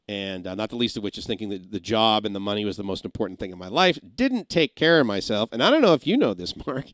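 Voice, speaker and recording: A middle-aged man who used to be a radio engineer, chatting casually on a livestream, rambling through stories and slipping into quick comic impressions. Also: fairly low pitch, big pitch swings, a bit bright, no room sound. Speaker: live streamer and former radio engineer. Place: home in Massachusetts.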